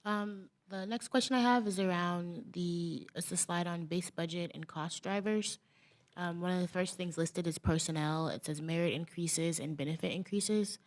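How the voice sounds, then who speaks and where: A woman's voice: fairly low pitch, normal speed. A woman city councilmember asking staff questions at a council meeting, thoughtful and hedging with frequent "like".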